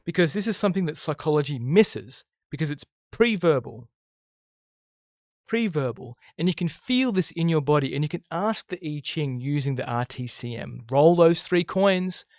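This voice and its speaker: Gravelly man giving emphatic spiritual talk. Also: fairly high pitch, lively intonation, normal speed, no echo, studio quality. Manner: emphatic, keeps checking in with "okay?" and "right?"; blunt, swears freely. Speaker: I Ching teacher and counselor. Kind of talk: casual spiritual monologue to camera.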